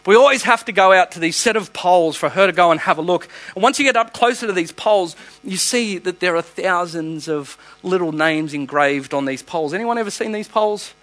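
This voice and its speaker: A man's voice: high voice, brisk, hardly any pauses, a bit bright, poor audio. Emphatic Australian man preaching a sermon. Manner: emphatic preaching with repeated phrases and restarts. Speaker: pastor.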